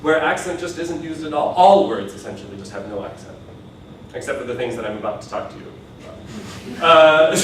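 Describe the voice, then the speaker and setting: A man lectures a class with a slightly raised voice, explaining patiently and laughing now and then. He is caught from across a strongly echoing classroom. A faint hum of room noise sits underneath. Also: a little high. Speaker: Japanese language teacher. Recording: echoey classroom from far off.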